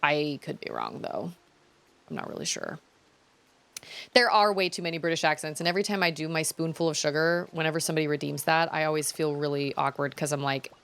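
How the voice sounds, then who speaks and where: A woman's voice: low-pitched, a little fast, fairly bright tone, a little hiss or hum. A woman casually commenting as she plays a video game, chatty and self-deprecating, often trailing off mid-thought. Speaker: game streamer. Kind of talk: casual let's-play commentary.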